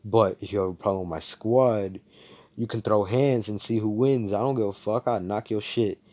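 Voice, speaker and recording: A man's voice: fairly low pitch, moderate pace, mellow, lo-fi sound, natural voice. A man voicing a brash, cocky young male knight who swears and boasts. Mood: defiant.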